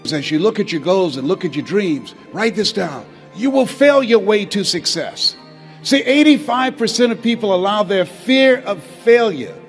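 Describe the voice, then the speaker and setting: A man giving a motivational speech to an audience, emphatic and preacherly, with rhythmic repetition. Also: high-pitched. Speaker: motivational speaker. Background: faint background music.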